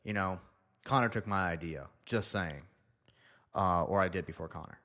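Low-voiced man in loose solo chat. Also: normal speed, sharp tone. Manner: loose, rambling, talks to himself while reading. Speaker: podcast host. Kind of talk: casual solo commentary.

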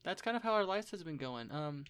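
A young man co-hosting a podcast, talking in a chatty, rambling way with bursts of loud joking. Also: on the high side, expressive, brisk, clear, resonant tone. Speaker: podcast co-host. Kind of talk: casual chat.

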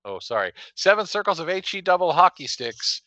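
A man's voice: sits high, sing-song, fairly quick, bright, forceful tone, no room sound, lo-fi sound. A man co-hosting a casual comic review chat, making wry, sardonic remarks. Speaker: podcast co-host reviewing comics.

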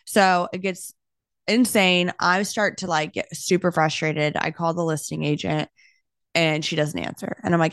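A young woman, a realtor hosting her own podcast, telling a story in an animated, casual way and saying "like" a lot. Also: fairly low pitch, moderate pace, smooth, no room sound, studio quality. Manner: animated, talks with her hands, heavy use of "like".

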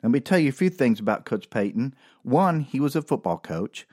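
A man's voice: mid-range voice, big pitch swings, a little fast, darkish tone, no room sound. A middle-aged man from Oklahoma, telling a funny story from his own life in a wry, casual way with dry asides and lots of fillers. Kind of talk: comedic personal storytelling.

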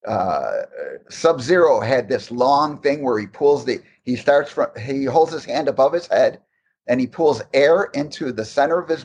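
A man recounts behind-the-scenes stories in a loose, rambling way, restarting sentences as he goes. His voice sits at an ordinary middle pitch, with a faint background hum behind him. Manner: rambling, restarts often, animated anecdotes. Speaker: guest recalling game development. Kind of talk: casual interview storytelling.

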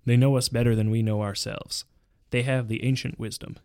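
A man's voice: mid-range voice, little pitch movement, fairly quick, darkish tone, clear, resonant tone, no echo, studio quality, lightly acted. A man voicing a passionate, brooding horseman from a romance story, in an earnest, hammy way. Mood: seductive.

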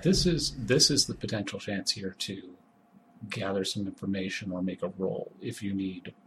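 Male game master, low-ish register, explanatory tone, slight background noise. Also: steady tone, normal speed, fairly bright tone. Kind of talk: narrating a tabletop game.

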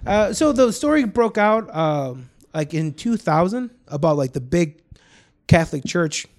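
A man hosting a casual podcast, his voice gravelly with frequent vocal fry. He sits fairly high for a man and rambles through a story. He swears freely and keeps restarting his sentences. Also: sing-song, unhurried. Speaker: podcast host. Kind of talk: casual chat.

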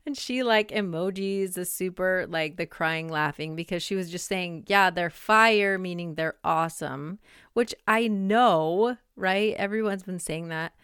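Podcast host, woman, 40s; slightly low, smooth voice, casual rambling delivery, dry close mic. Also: a little slow, no echo. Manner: chatty, rambling, lots of "like" and "um". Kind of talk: casual monologue.

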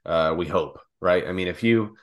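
A man's voice: low voice, moderate pace. A man co-hosting a casual comedic chat, rambling into long joking hypotheticals. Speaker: podcast co-host.

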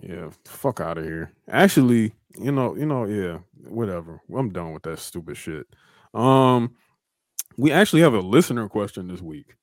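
A man's voice: fairly low pitch, big pitch swings, normal speed, dry recording, clean studio sound. A man co-hosting a podcast, ranting in casual chat, swearing heavily and repeating himself. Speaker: podcast co-host.

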